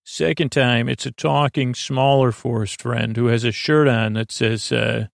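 A man hosting a sleep podcast, recapping a TV episode in a halting, meandering way with many filler sounds and self-corrections. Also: medium pitch, fairly even intonation, gravelly, dry recording, studio quality.

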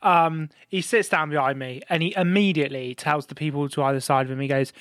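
A man hosting a casual podcast, his voice sitting a little high for a man. He talks animatedly and swears freely, recorded in a dry, close setting. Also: steady tone, fast talker, few pauses, no echo. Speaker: podcast host.

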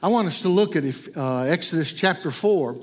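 A man's voice: a little high, lively intonation, moderate pace. A man with a Kentucky accent, preaching an earnest, story-driven sermon in a church. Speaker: guest preacher. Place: church sanctuary. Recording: long church hall reverb.

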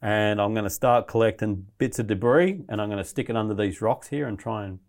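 Man, low-pitched, swears constantly, animated and rambling as he retells a survival ordeal. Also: fairly quick. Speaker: guest telling a survival story. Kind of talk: casual storytelling.

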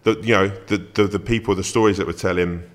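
A man who speaks in a fairly low voice. He tells his stories in a loose, laughing way and swears freely, like a comedian guest on a chat show. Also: steady tone, quick pace, big-room sound. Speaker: comedian and actor, podcast guest. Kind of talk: casual chat, telling anecdotes.

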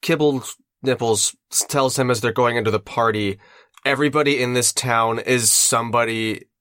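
A man's voice: medium pitch, steady tone, moderate pace, fairly bright tone, dry recording, studio quality. A man on a casual movie podcast, adding behind-the-scenes trivia. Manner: informative, adds trivia. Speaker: podcast co-host. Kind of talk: casual film discussion.

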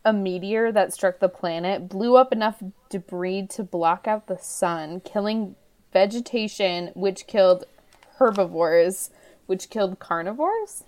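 A woman's voice: medium pitch, unhurried, a little mellow. A woman hosting a podcast, explaining the game and chatting with easy laughs. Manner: laughs easily, matter-of-fact answers. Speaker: podcast host. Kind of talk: casual podcast chat.

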